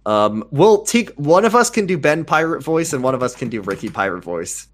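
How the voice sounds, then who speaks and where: A man co-hosting a comedy podcast who talks casually, with excitable, swearing outbursts. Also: a little high, moderate pace. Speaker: podcast co-host.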